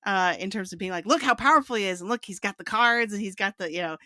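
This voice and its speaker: A film review podcast co-host chatting casually, laughing often and jumping in quickly. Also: medium pitch, sharp tone, no room sound, studio quality.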